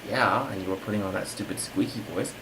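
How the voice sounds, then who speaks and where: A woman voicing a mocking dark bird creature, dry and teasing, in a noisy home recording. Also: extremely low pitch, quick pace, voice pushed down.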